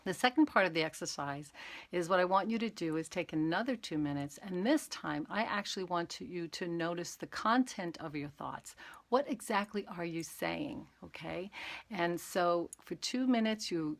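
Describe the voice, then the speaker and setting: A woman teaching mindfulness on a live stream, calmly talking listeners through breathing exercises step by step. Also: lowish voice, gravelly. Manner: calm, gentle, talks exercises through step by step. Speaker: meditation and awareness teacher.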